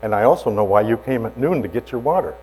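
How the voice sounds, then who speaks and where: A man preaching a sermon, voicing a calm, knowing male teacher who speaks gently and unhurriedly. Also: mid-range voice, fast talker, pitched below the performer's own voice, close to an everyday voice, rough recording. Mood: gentle, knowing.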